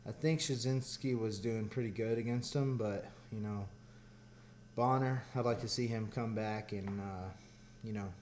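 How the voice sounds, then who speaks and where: A young man with a Southern US accent, chatting as an interview guest in a relaxed, rambling way. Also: lowish voice, moderate pace, slight background noise. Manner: laid-back, rambling with fillers. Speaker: guest fighter. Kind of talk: casual interview chat.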